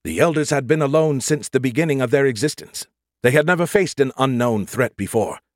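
A man's voice: mid-range voice, fairly quick, no echo, studio quality, voice pushed up, natural voice. A man voicing a snarky, dramatic male AI with a tiny hologram avatar, whiny and exasperated. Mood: explaining, defensive.

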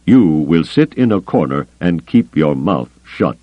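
Male narrator as cool alien admiral, measured and dry; low, expressive, slightly dull storybook audio. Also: no room sound.

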